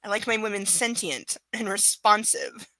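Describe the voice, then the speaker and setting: A woman's voice: medium pitch, normal speed, pushed and bright, no room sound, natural voice, poor audio. A woman reading the lines of a cool, controlling young man in a dry tone, as part of a book reading.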